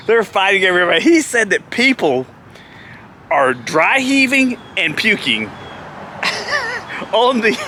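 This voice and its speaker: A man tells a story in a casual vlog, his bright, fairly high voice swinging up and down as he goes. He laughs often along the way. Faint traffic hums behind him outdoors. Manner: animated, laughs often while telling the story. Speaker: vlogger telling a road story.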